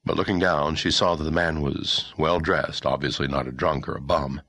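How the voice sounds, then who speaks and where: A man narrating a historical novel audiobook in a measured, expressive storytelling manner. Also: a bass voice, dry recording. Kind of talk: scripted narration.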